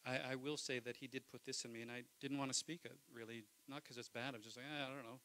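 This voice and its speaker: Pastor preaching in church; bright, ringing man's voice, impassioned with quiet asides. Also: mid-range voice, steady tone, quick pace, rough recording. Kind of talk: sermon.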